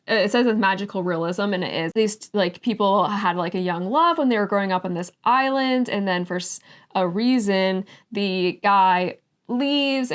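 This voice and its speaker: A woman book vlogger chatting casually about her picks, filling her talk with "like" and "um" and gushing over books she loves. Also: medium pitch. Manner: chatty, full of "like" and "um".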